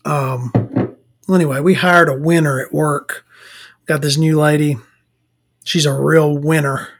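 A woman's voice: low-pitched, fairly even intonation, a little slow, a little hiss or hum. A woman, telling blunt, profane work stories to camera in a casual rant. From Southern United States. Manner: profane, blunt, laughing storyteller. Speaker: vlogger.

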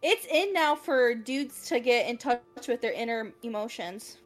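A woman's voice: fairly high pitch, animated, a little slow. A woman playing a tabletop game, chatting casually with sarcastic quips. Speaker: player.

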